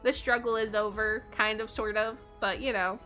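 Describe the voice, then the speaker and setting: A bubbly woman from Canada chats on her livestream in a high, very bright voice. She rambles, giggles often and laughs at her own asides. Soft music plays faintly underneath. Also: steady tone, normal speed. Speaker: streamer. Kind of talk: casual livestream chat.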